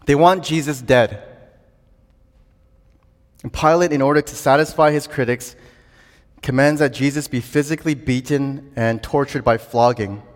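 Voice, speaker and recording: A man's voice: medium pitch, fairly even intonation, moderate pace, pauses often. Earnest male preacher in a reverberant hall. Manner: earnest, builds to emphatic declarations. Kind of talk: sermon.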